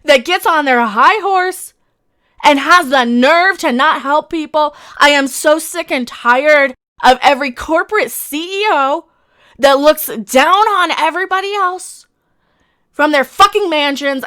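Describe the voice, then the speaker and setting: Female streamer, high, sharp voice, angry indignant commentary, repeats lines, swears. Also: animated, normal speed, faint music behind. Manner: swears while ranting. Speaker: streamer host. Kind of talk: live-stream commentary rant.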